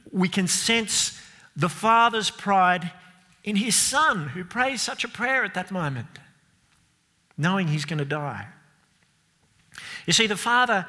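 A man preaching a sermon, expressive and emphatic, asking rhetorical questions and dropping to softer moments. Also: on the high side. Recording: long hall reverb.

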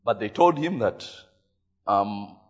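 A man with a Ugandan English accent preaching a sermon, telling stories in a lively way, tagging his lines with "eh?" and laughing often. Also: fairly low pitch, slow, lo-fi sound. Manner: animated storytelling, frequent "eh?" tags, laughing often. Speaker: pastor.

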